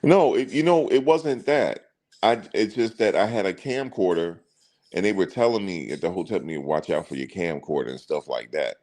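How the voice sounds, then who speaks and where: A man's voice: low voice, moderate pace, a little mellow. A man hosting a casual commentary stream, telling stories and talking straight to his viewers, repeating his words as he goes. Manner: chatty storyteller, addresses viewers directly, repeats himself. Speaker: commentary channel host.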